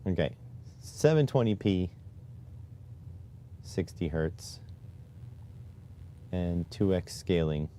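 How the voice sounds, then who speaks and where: Low mellow-voiced guy streaming, mumbling at his settings, bit of hiss behind. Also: expressive, slow, pauses often. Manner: muttering to himself while fiddling with settings; exasperated, keeps sighing oh my God. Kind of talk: casual live-stream talk.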